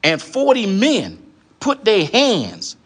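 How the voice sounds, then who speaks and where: A middle-aged online commentator addresses women in a preachy, lecturing monologue, firing off rhetorical questions and often tacking on "huh?". His voice is high-pitched and slow, with huge pitch swings.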